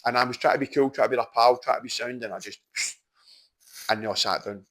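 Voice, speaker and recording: A Scottish man, a mindset coach, telling stories in casual podcast chat, animated and swearing freely. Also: mid-range voice, fast talker. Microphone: podcast microphone.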